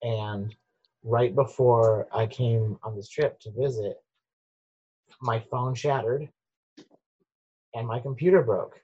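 A man's voice: mid-range voice, steady tone, slow, pauses often, warm tone, slightly rough. A man chatting casually with wry, joking asides. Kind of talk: casual chat. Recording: dull lo-fi sound.

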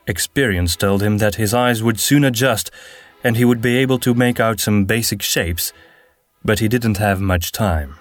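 A man narrating a fantasy audiobook in a steady, measured way. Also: fairly low pitch. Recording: narration with faint background music.

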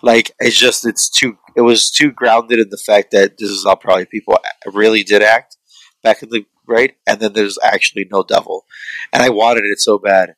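Low-voiced man ranting casually, dry sound. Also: moderate pace, no room sound, rough recording. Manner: profane, rambling, animated, acts out quotes. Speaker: podcast co-host reviewing a film. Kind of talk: casual chat.

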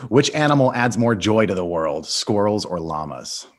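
A host interviewing a guest, upbeat and quick to laugh while asking rapid-fire questions. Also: male voice, lowish voice, very animated.

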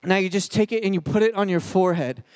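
A man with a high voice gives a comedic youth sermon to a live crowd. He is animated and jokey, addressing the listeners directly. The sound is dry, with little room echo. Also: fast talker. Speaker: pastor.

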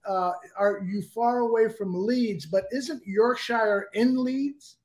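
A man's voice: high voice, slow pace, darkish tone. A man hosting a casual chat, joking and hesitating with many fillers. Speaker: podcast host.

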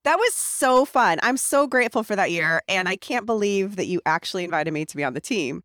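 A woman's voice: medium pitch, lively intonation, brisk, a bit bright, dry recording, studio quality. A woman guest on a podcast, bantering and laughing with the host in a casual in-person conversation. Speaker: podcast guest, founder and pastor. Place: in-person home recording setup.

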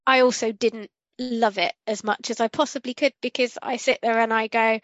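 A woman's voice: on the high side, brisk, few pauses, fairly bright tone, no echo, lo-fi sound. A woman co-hosting a casual podcast discussion, rambling and correcting herself as she goes and acting out what she was thinking. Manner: rambling, self-correcting, acts out quotes. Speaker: podcast co-host.

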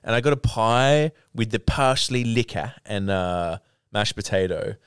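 A man's voice: fairly low pitch, a little slow, clean tone, dry recording, studio quality. An Australian man hosting a podcast, telling a rambling, sweary travel anecdote in casual chat. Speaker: podcast host.

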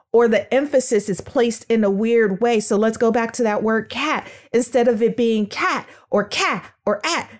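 Lively higher-voiced woman teaching. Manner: lively, demonstrates sounds aloud; calls listeners sugars and world changers. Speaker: speech development educator. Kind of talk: educational podcast talk.

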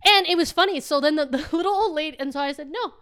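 High-voiced woman telling a story animatedly. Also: very fast. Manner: animated, swearing, acts out quotes in changing voices. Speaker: podcast co-host. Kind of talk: casual storytelling chat.

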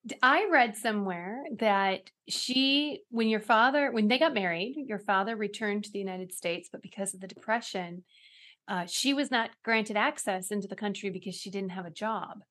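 A woman's voice: medium pitch, normal speed, a bit bright. A woman hosts an interview and asks questions in an easy, conversational way. Her voice sits in a mid range, and she encourages the guest as she listens. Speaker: interview host. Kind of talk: casual interview.

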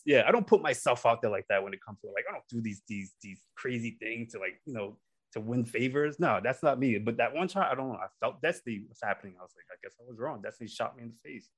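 A young man tells a story in a relaxed, chatty way. His voice sits in a middle pitch. He gets animated and puts on little voices for the people in his tale. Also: fast talker, breathy edge. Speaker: podcast co-host. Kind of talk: casual storytelling.

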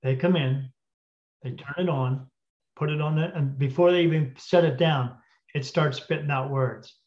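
A man telling a story casually as a podcast guest, acting out the dialogue and often clearing his throat. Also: fairly high pitch, normal speed. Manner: animated retelling with quoted dialogue. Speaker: guest spirit medium. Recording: dull lo-fi audio.

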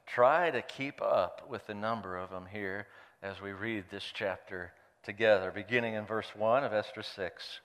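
A man preaching with a smooth, resonant voice, reading scripture and breaking off into playful, animated asides. His words hang in a long reverb from a church hall. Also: on the low side, moderate pace. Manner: playful, animated storyteller who jokes aside. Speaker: pastor.

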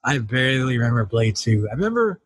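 A man's voice: medium pitch, big pitch swings, fast talker, husky, dry recording. A man co-hosting a podcast, chatting casually and joking, often laughing and acting out little scenes. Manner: jokey, laughs often, acts out bits. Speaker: podcast co-host. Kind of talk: casual chat.

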